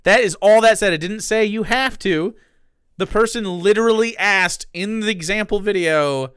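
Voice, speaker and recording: A man's voice: high-pitched, measured pace, fairly bright tone, smooth, no echo, studio quality. A man streaming, reacting to a video with exasperated, profane casual commentary and frequent laughter.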